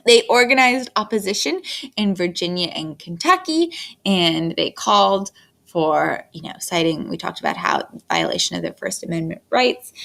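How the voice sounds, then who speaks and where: A woman teaching a history lesson in a recorded lecture, talking in an unhurried, fairly monotone way with frequent fillers and restarts. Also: fairly low pitch, gravelly. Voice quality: monotone delivery. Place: indoors, screen-recorded lecture.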